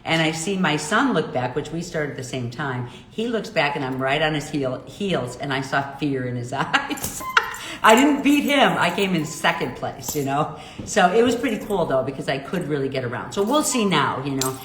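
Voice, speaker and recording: A middle-aged woman, a jeweler, hosts a casual livestream, bubbly and chatty as she reads and reacts to viewer comments. Her low-pitched voice is animated, a bit bright, and moderately paced. The room is echoey with faint noise.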